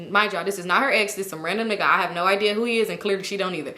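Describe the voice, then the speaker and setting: A woman telling a wild storytime to her viewers, animated and laughing, in a roomy room. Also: medium pitch, very fast. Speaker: storytime vlogger. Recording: roomy echo.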